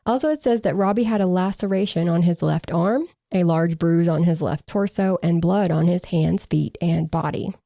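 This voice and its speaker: A woman's voice: fairly low pitch, moderate pace, creaky, few pauses, dark tone, no echo. A woman co-hosting a true crime podcast, reading from case reports with dry, sarcastic asides.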